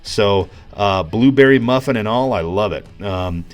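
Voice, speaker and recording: Low-voiced man reviewing bowling gear. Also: a little slow. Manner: relaxed, conversational, many fillers; enthusiastic about gear. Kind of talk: casual review vlog.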